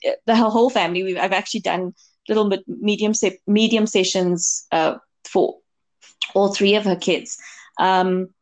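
A woman co-hosting a casual chat, telling a long personal story with many fillers and restarts. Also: mid-range voice. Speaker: podcast co-host, medium.

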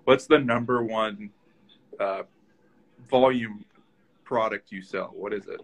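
A man's voice: on the low side, slow pace, rough recording. A man hosting a casual live-stream chat, talking loosely with lots of fillers and tag questions. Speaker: host.

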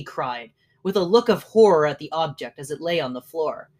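A narrator reading a classic short story aloud in a measured way, letting lines trail off. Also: mid-range voice, expressive.

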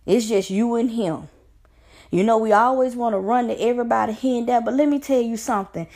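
A woman's voice: a little high, fairly quick, a little mellow. A woman life coach giving an earnest, preacher-like pep talk on faith, repeating phrases for emphasis. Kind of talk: motivational faith talk to camera.

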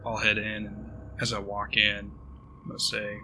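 Male tabletop player, very bright voice, flat delivery, faint noise. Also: on the low side, moderate pace, low-quality recording. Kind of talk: casual tabletop role-play.

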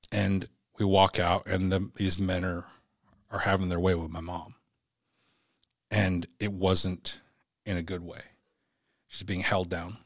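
Blunt low-voiced man telling a story. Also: no room sound, clean studio sound. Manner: blunt and profane, acts out quoted dialogue. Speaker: podcast guest, former Navy SEAL. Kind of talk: candid personal storytelling.

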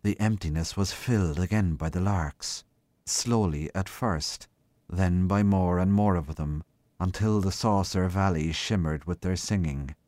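A man reading a short story aloud in a measured, unhurried way. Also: low-pitched, a little mellow, no room sound. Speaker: guest reader.

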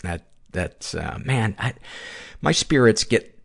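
A man's voice: on the low side, lively intonation, slow pace, vocal fry. A man hosting a podcast, reading a listener's letter aloud and then reflecting earnestly, with rambling asides. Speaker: podcast host.

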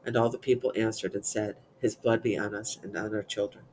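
A man reciting psalms and liturgical prayers in a steady, measured way. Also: lowish voice, slight background noise, rough recording. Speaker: prayer reader.

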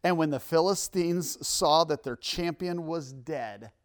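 Male preacher, sermon delivery, fairly high voice, builds to loud emphatic peaks, casual asides. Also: a little slow. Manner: casual asides and self-corrections. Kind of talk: sermon with scripture reading.

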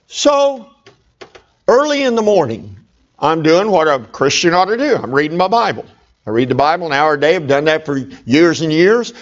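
A man's voice: fairly high pitch, very animated, normal speed, highs cut off. A middle-aged male pastor telling a humorous personal story in a sermon, talking straight to his congregation. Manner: folksy, humorous, talks to the congregation.

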